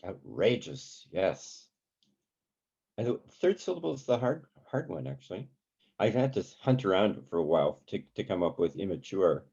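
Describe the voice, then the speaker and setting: Relaxed man teaching songwriting, halting. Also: sits low, creaky, husky, muffled recording. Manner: relaxed, halting, many ums, sings short examples. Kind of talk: community workshop lesson.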